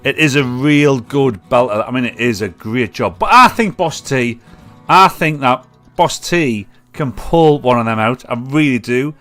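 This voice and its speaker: A man's voice: fairly high pitch, a bit bright. A man with a Mackem accent hosting a casual live-stream chat, rambling and swearing freely. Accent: Mackem (Sunderland).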